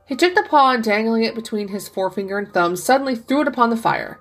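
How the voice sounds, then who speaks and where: A woman narrating a classic short story as a podcast reading, measured and steady, slowing for the characters' lines. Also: a little high, soft background music. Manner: measured storytelling, slows for quoted speech. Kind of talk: scripted audiobook reading.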